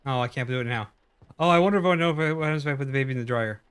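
A man's voice: mid-range voice, racing, fairly bright tone, smooth. Chatty man commenting on a horror game. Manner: chatty, curious, swears now and then. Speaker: gaming video creator. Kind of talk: casual let's-play commentary.

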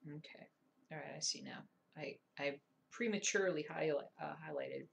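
A woman's voice: deep voice, moderate pace, vocal fry, slight background noise. A woman chatting casually and muttering to herself while doing cross-stitch, self-deprecating and chatty. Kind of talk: casual stitch-along chat.

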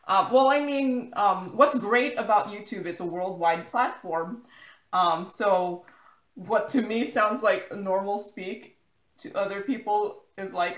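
A woman's voice: medium pitch, slow pace, fairly bright tone, reverberant. An American woman chatting casually while she crafts, rambling with lots of fillers and restarts. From United States. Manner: rambling, filler-heavy, self-correcting. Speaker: crafting YouTuber.

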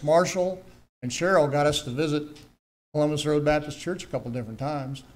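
An older man, giving a personal testimony in church, telling his story earnestly with emphatic repetitions. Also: on the high side.

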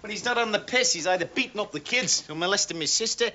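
An actor playing a dry, mocking young labourer from a rough home. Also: male voice, sits high, expressive, fast talker, pushed and bright, slight background noise, exaggerated voice. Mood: sardonic. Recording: echoey dull TV soundtrack.

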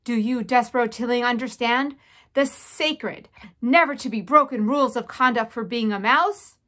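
A woman voicing a stern, pompous male head mouse presiding over a trial, with a booming, commanding delivery. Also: moderate pace, fairly bright tone, close to an everyday voice.

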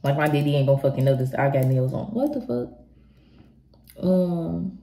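Low, mellow-voiced woman vlogging casually. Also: fairly quick. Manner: blunt, swears freely, rambles and restarts. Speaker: vlogger answering viewer questions. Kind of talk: casual Q&A chat. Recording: echoey room.

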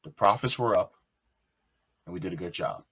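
A man casually telling a personal story on his channel, animated and repeating phrases, quoting others in a raised voice. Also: low voice, normal speed, breathy edge. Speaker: video host.

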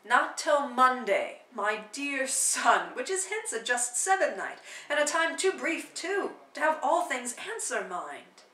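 Ruolo: anziano nobiluomo, padre orgoglioso e affettuoso, letto da una donna, stanza riverberante. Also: female voice, high-pitched, very animated, unhurried, few pauses, pushed and bright, echoey room, distant mic, exaggerated voice, rough recording. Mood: fatherly. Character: older nobleman, proud fond father. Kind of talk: dramatic play reading.

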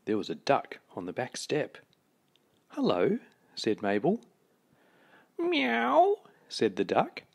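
A man reading a children's picture book aloud, with slow, expressive storytelling. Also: on the low side, slightly rough.

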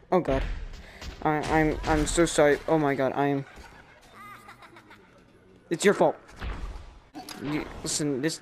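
Man, gamer, let's-play commentary, flustered, apologetic, slightly high voice, noisy recording.

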